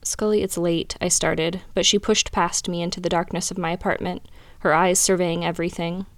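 A woman reading a first-person romantic story aloud in a measured, even way. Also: lowish voice, dry recording. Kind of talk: reading fan fiction aloud.

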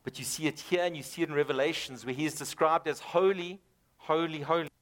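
A man's voice: a little high, steady tone, brisk, a bit bright. A man preaching a sermon, emphatic, rising and dropping dramatically and repeating words for emphasis. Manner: emphatic, rises and drops dramatically.

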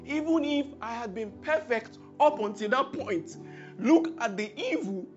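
Speaking a little slowly but with animation, a Nigerian-accented male preacher moves from near-whispers to forceful, emphatic peaks in his sermon. The recording of his medium-pitched voice is dull and muffled, and soft music sits faintly underneath.

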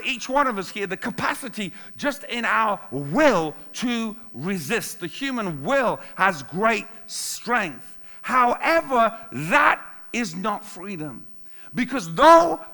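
A man's voice: high voice, bright, forceful tone. A male pastor preaching a sermon in an emphatic way, repeating key phrases for weight.

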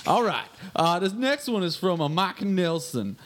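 A man's voice: high voice, big pitch swings, unhurried, fairly bright tone, heavily acted. A man playing a crude, boastful fishing guide who rambles through listener mail on a comedy radio sketch. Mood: brash.

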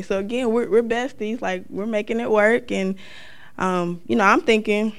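In a personal testimony, a woman from North Carolina tells her story spiritedly and performs the dialogue of those in it. She speaks at a moderate pace with a medium pitch.

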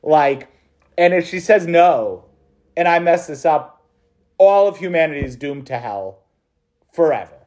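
A man's voice: on the high side, lively intonation, measured pace, long pauses, darkish tone. A male priest preaching a meditation to students in a casual, chatty way, with slang and laughter.

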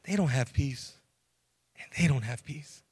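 A man preaching a sermon as pastor, animated in his storytelling, and he has a cold. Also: medium pitch, measured pace, slightly rough.

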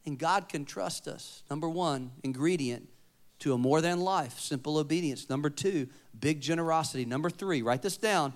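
A man preaching a sermon, moving between loud emphatic points and quiet storytelling. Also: a little high, animated, moderate pace. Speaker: pastor.

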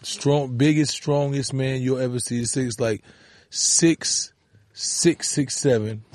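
A man's voice: medium pitch, takes it slowly, darkish tone, dry recording, studio quality. A man, a guest telling stories in laid-back street slang in casual interview chat. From the Bronx, New York. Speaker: guest, rapper.

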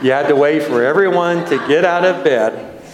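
A man from Texas, a minister, telling a slow, nostalgic childhood story as a sermon with light laughs. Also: fairly high pitch, roomy sound, crowd noise, rough recording.

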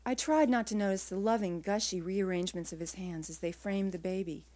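A woman author reading her own first-person prose aloud at a live literary reading, in a measured, quiet way. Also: medium pitch.

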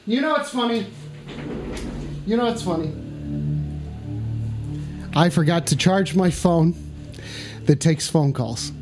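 A man runs a chaotic livestream in a high, excitable voice, bursting into shouts and then dropping to quick muttered asides. He is profane and rowdy. Faint music plays behind him. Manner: manic, shouting, swinging between loud yelps and mumbles. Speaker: livestream host.

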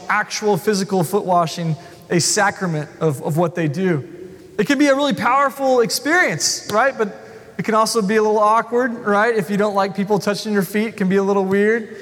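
Male pastor, high voice, animated, self-deprecating sermon, long hall reverb. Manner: animated, self-deprecating, acts out the people he talks about.

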